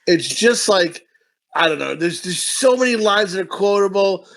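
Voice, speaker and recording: A man's voice: high voice, normal speed, vocal fry. A man co-hosting a podcast, chatting crudely about a film he loved as a child and breaking into mocking voices. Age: adult, recalls the film from childhood. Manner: animated, swings into mocking voices of movie characters. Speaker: podcast co-host. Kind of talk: crude casual film chat.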